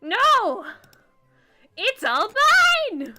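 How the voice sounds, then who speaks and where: A woman voicing a huge, unhinged male fan with an axe, in a high, giddy, stammering voice that bursts out loud when overexcited. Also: takes it slowly, noisy background. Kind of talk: visual novel voice acting.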